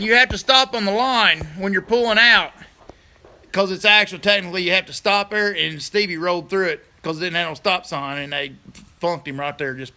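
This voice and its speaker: A man hosting a casual livestream outdoors, reading viewer comments aloud, rambling and teasing with bursts of loud laughter. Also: sits high, clean tone. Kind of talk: casual live chat.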